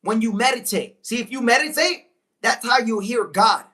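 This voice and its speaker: A woman giving a motivational talk to viewers, preachy and emphatic, repeating key lines, slowing on big points and breaking into excited exclamations. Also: a little high. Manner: slows right down on key phrases. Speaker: motivational speaker. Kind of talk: live-stream motivational talk.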